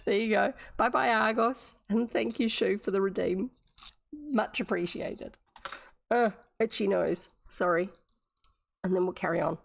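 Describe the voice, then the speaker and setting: A woman's voice: mid-range voice, unhurried, gravelly. A woman from New Zealand reading a classic novel aloud on a livestream, with chatty explanatory asides. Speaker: storybook reader on a livestream.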